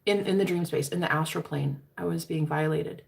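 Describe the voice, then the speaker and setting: A woman with a low, gravelly voice tells a personal story to her viewers in a chatty, candid way. She swears freely and keeps calling them girl. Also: fairly even intonation, brisk, a little mellow. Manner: candid, profane, chatty, addresses listeners as girl. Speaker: tarot reader.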